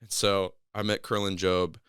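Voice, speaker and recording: A man's voice: sits low, moderate pace, clean tone. A man casually telling a long story on a podcast, acting out the people in it with raised voices. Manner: animated, acts out quoted people in a raised voice.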